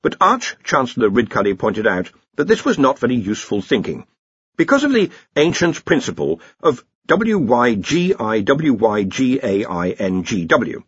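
A man narrating an audiobook in an expressive, wry storytelling manner, in a slightly dull recording. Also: mid-range voice, moderate pace, breathy edge, dry recording. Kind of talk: audiobook reading with character voices.

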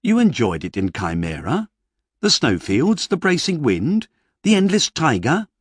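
A man voicing a flustered male writer, fussy, rambling, exasperated, husky, animated delivery. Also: a little high, unhurried, dry recording, clean studio sound, pitched above the performer's own voice, heavily acted. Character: flustered middle-aged male fantasy writer.

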